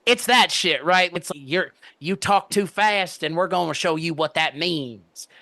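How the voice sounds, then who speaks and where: A man co-hosting a podcast, reviewing a TV episode in animated, profane casual chat. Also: fairly high pitch, unhurried, creaky, no echo. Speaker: podcast co-host.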